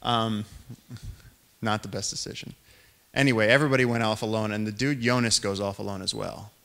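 Animated young man telling a wild story. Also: fairly low pitch, a little fast, gravelly. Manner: animated storyteller, acts out quoted voices, rising excitement. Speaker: featured speaker. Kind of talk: live storytelling talk to an audience.

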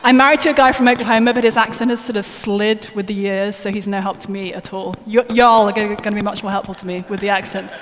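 A woman's voice: mid-range voice, fairly even intonation, quick pace, hardly any pauses. A woman giving a live conference talk from the stage, chatty and joking with the audience. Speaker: conference speaker. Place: large conference hall. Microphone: stage microphone. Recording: live hall reverb, faint noise.

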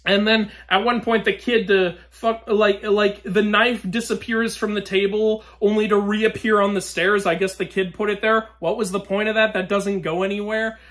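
A young man giving a ranting movie review, exasperated and swearing, swinging between loud outbursts and weary sighs. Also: high voice, steady tone, normal speed, few pauses.

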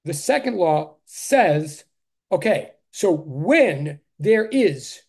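A man, a physics professor, giving an animated conceptual lecture to an online class, thinking aloud with frequent restarts and dry sarcastic asides. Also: a little high, drawn-out words, breathy edge. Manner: emphatic, stressing ideas with repeated "really".

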